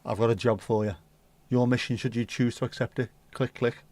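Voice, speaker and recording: A man's voice: mid-range voice, flat delivery, brisk, darkish tone. A man hosting a casual livestream who reads viewer comments in a jokey, rambling, playful way. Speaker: livestream host.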